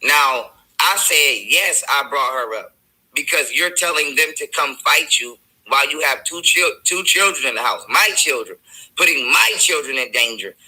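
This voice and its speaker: A man with a husky yet very bright, sharp voice who argues defensively. He recounts text messages to defend himself and keeps pushing his side of the story. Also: medium pitch, animated, moderate pace, poor audio. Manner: defensive, argumentative, recounting texts. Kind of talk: heated self-defense.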